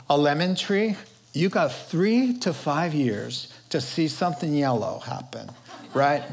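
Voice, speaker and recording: Brief: older male pastor, unhurried, animated storyteller. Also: on the high side. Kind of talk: sermon.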